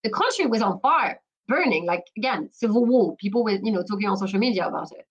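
Woman guest on podcast, mid pitch, emphatic, rambling with fillers. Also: lively intonation, fast talker, breathy edge, lo-fi sound. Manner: emphatic, many restarts and "you know" fillers. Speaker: guest commentator. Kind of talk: podcast interview.

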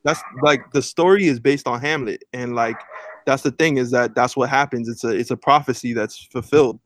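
A man's voice: medium pitch, normal speed, a bit bright, dry recording. A man co-hosting a casual podcast chat, rambling and filling his talk with "like" and restarts. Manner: rambling, many fillers and restarts. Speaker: podcast co-host.

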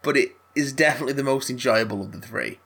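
A man co-hosting a casual podcast, telling rambling, animated stories that often restart. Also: medium pitch, fast, breathy edge. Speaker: podcast co-host. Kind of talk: casual chat.

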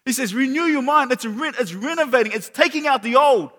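A pastor preaches in an animated way, often repeating words as he tells a story. His voice sits high for a man. The sound carries a long hall reverb. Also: a little fast. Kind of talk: sermon.

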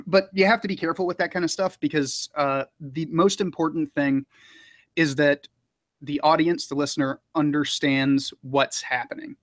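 A man's voice: on the high side, no room sound. Chatty male audiobook narrator, dry sound. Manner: relaxed, rambling, frequent fillers and laughs. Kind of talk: casual interview talk.

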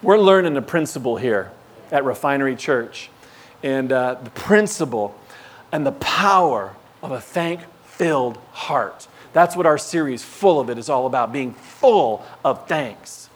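A male pastor preaching a sermon, telling animated stories and acting out the scenes. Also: medium pitch, measured pace.

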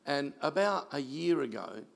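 Gravelly pastor in his sixties. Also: on the high side, unhurried. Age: 60s. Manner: animated storyteller, mimics people he quotes. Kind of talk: sermon storytelling.

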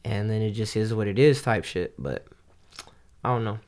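A man's voice: on the low side, moderate pace, a little mellow. A man co-hosting a podcast, talking casually in a loose, slangy and profane way, rambling with restarts. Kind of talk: casual chat.

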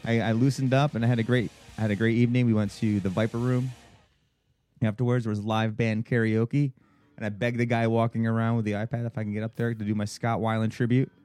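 A man's voice: mid-range voice, level tone, fast talker, darkish tone. A man co-hosting a podcast, rambling through a story in casual chat and laughing easily, with faint rock music playing behind him. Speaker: podcast co-host.

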